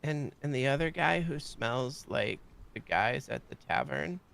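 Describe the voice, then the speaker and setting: A man's voice: mid-range voice, animated, unhurried, creaky, fairly bright tone. A man running a tabletop game as game master, narrating in a casual way, laughing often and swearing freely.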